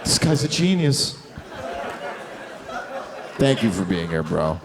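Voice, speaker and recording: A man's voice: lowish voice, big pitch swings, slow. A man from Canada doing stand-up crowd work on a club stage, brash and profane. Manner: brash, profane, swings into mocking put-on voices. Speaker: stand-up comedian. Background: audience laughter.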